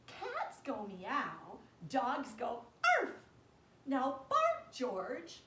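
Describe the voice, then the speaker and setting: A woman's voice: a little high, wildly swooping pitch, extremely slow, bright, forceful tone, heavily acted. A woman reading as a stern mother dog. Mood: scolding. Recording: roomy echo, distant mic.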